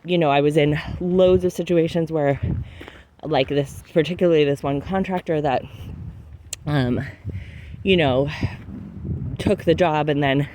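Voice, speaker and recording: A woman's voice: low-pitched, darkish tone, a little hiss or hum. A woman hosting a podcast, talking in a casual, candid and reflective way, often filling with "like". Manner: candid, chatty, heavy use of "like". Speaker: podcast host.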